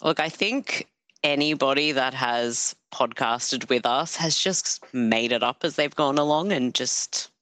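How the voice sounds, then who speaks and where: A woman hosting a casual movie podcast, lively, swearing freely and laughing often. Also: rumbling low, measured pace, dry recording. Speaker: podcast host. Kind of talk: casual chat.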